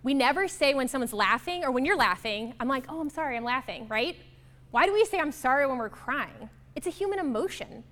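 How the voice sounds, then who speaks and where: A woman's voice: sits high, lively intonation, a little fast, a bit bright. A woman facilitating a workshop, upbeat and affirming as she draws answers from the group. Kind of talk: interactive workshop talk.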